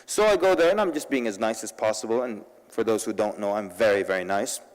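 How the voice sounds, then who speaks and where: A man's voice: on the low side, fast talker. A man giving a sermon-style talk at a convention, telling stories with humorous asides and addressing the audience directly. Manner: lively storytelling with humorous asides. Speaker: convention speaker. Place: large convention hall. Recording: long reverb in a large hall.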